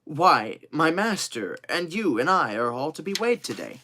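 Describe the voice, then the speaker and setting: A man's voice: a little high, very animated, normal speed, bright, forceful tone, slight background noise, voice pushed up, heavily acted. A man voicing a cheerful, loyal young manservant who talks eagerly and earnestly.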